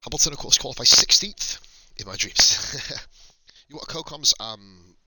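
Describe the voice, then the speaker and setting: A Northern English man in his thirties commentates a sim race on a live stream, casual and chatty, swearing and laughing often. His medium-pitched voice is animated, bright and pushed at a normal speed, captured dry on a low-quality recording.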